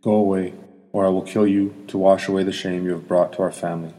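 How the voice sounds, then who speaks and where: A man reading the lines of a merciless nun, harsher and louder than his narration. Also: deep voice, little pitch movement, fairly quick, close to an everyday voice. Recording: long hall reverb.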